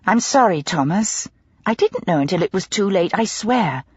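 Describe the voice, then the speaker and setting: A woman's voice: medium pitch, expressive, normal speed, husky, no echo, highs cut off. A woman voicing a clever wellborn wife speaking meekly and apologetically. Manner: meek and apologetic.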